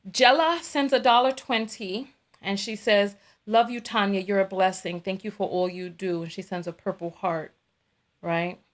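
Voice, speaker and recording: A woman hosting a livestream, reacting heatedly and reading out viewer donations. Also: lowish voice. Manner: heated, repeats herself when angry. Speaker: host. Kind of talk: livestream commentary.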